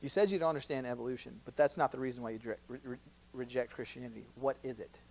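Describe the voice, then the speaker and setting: A man's voice: mid-range voice, fast talker, gravelly, darkish tone, poor audio. A man, a campus minister, teaching a conversational question-and-answer session at church, laughing often and acting out both sides of sample dialogues. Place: church hall.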